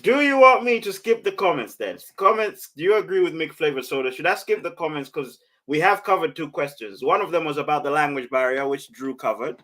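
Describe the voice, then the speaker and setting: A man's voice: on the high side, expressive, fairly quick, hardly any pauses, pushed and bright. A man hosting a casual podcast, reading viewer comments and pressing guests with teasing follow-up questions. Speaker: podcast host.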